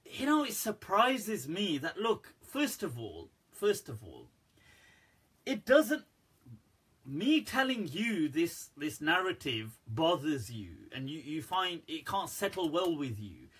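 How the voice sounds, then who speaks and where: Chatty man with a bright, husky voice. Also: on the high side, huge pitch swings, takes it slowly. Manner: chatty, laughs at his own jokes, many fillers. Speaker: Islamic scholar and live-stream host. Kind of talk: casual religious talk, live stream. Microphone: front-facing phone or webcam.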